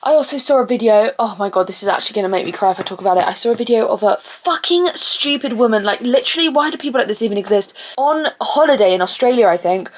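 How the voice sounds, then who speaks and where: A young woman, chatting casually to camera in a vlog, rambling and swearing with lots of "like" fillers. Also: a little high. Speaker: vlogger.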